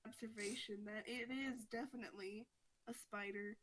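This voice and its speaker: A woman's voice: a little high, fairly even intonation, a little fast, fairly bright tone, rough recording. A woman podcast host casually recapping a comic story, chatty and full of "like". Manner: chatty, fillers of "like", frequent laughter.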